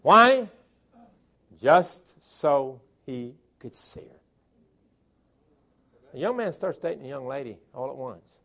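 A man from the South, preaching a sermon and reading scripture verses aloud, swelling loud on key words and dropping into folksy asides. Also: mid-range voice, big pitch swings, slow, pauses often. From southern Tennessee and northern Alabama, US.

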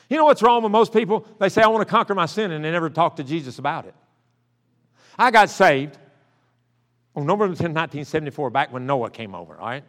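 An older man preaches, his voice pitched high for a man. He moves from folksy, joking stories to fervent appeals. Long reverb from the church hall trails his words. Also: fairly bright tone. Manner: folksy storytelling that builds to impassioned preaching. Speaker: pastor. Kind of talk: sermon. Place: church sanctuary.

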